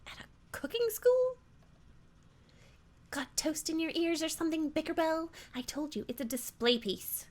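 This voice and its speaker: A woman's voice: high voice, lively intonation, unhurried, darkish tone, voice pushed up. A woman voicing a snobby young female rival chef who talks down to everyone in a haughty, snippy way. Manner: condescending, haughty.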